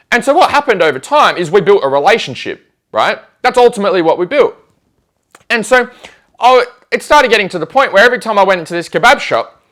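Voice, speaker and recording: A man talks fast in a fairly high, very lively voice, telling stories in a relaxed chat. He acts out the back-and-forth of conversations as he goes. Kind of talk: casual storytelling chat.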